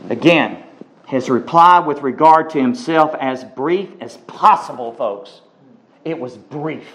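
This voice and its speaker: A male preacher delivers a sermon with a voice pitched slightly above the usual for a man. He talks emphatically, doubling back on words and phrases to drive his points home. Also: slow pace, fairly bright tone, low-quality recording. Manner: emphatic, repeats words for stress.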